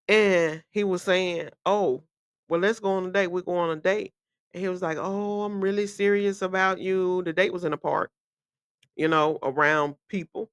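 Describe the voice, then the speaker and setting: A woman's voice: on the low side, fairly bright tone, no echo, studio quality. A woman, hosting a podcast and giving blunt, emphatic advice in a casual monologue. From Memphis, USA. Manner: blunt, emphatic, repeats key phrases. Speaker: podcast host.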